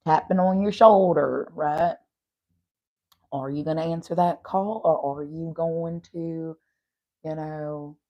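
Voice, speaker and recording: A woman's voice: deep voice, dark tone. A woman with a slight Southern country accent giving a casual tarot reading, chatty and tired after an overnight drive, asking "right?" as she goes. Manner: chatty, addresses viewers as y'all, frequent "right?" asides. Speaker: tarot reader.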